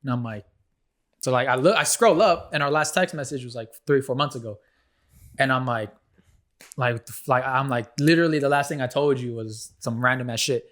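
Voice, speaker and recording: A man's voice: mid-range voice, a little fast, a bit bright. A man co-hosting a podcast, telling a story in a laid-back casual way with plenty of swearing. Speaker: podcast co-host. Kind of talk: casual chat.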